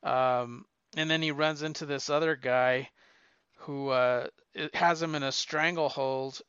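A man's voice: medium pitch, steady tone, unhurried, a bit bright, clear, resonant tone, no room sound, dull audio. A man casually chatting as a podcast co-host, rambling and stumbling over restarts and fillers. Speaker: podcast co-host reviewing comics. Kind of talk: casual chat.

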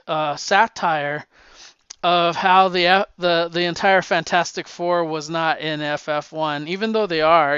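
A man talks in a loose, rambling monologue, getting excited as he retells stories. His voice sits a little high and smooth, close and dry on the mic, with a dull, lo-fi sound. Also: no echo. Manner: rambling, enthusiastic retelling with quoted lines. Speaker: comic book podcast host.

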